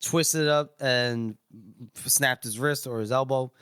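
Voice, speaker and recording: A man's voice: mid-range voice, steady tone, a little slow, a bit bright, clean tone, dry recording, studio quality. A man casually retelling a story on a podcast in a loose, rambling way, with crude swearing. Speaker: podcast co-host recapping chapters.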